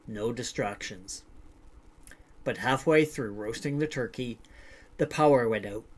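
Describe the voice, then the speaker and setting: A man hosting a livestream, reading short stories aloud and then chatting loosely with filler words. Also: medium pitch. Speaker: livestream host. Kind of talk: casual livestream storytelling.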